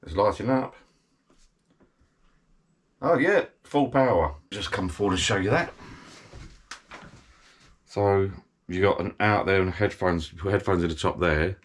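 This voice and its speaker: Man, British accent, deep voice, middle-aged, rambling, casual unboxing chat. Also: moderate pace, pauses often. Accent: British English. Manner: rambling, chatty, thinks aloud. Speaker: YouTuber unboxing gadgets.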